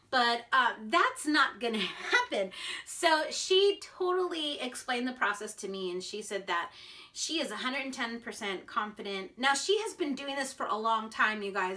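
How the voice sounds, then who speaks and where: A woman's voice: a little high, pushed and bright. An American woman vlogging in a bubbly, chatty way, full of filler words. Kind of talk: casual chat to camera.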